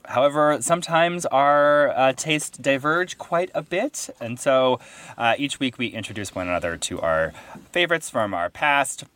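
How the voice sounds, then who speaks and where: A man's voice: medium pitch, a little slow, clean tone, dry recording. A man hosting a casual film podcast with his friends, talking enthusiastically about movies. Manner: enthusiastic, animated. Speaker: podcast host.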